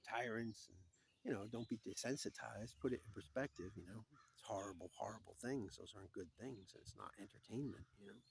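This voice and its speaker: A middle-aged man telling rambling stories in a preachy monologue, swinging from loud to quiet. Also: mid-range voice, a little hiss or hum. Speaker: speaker.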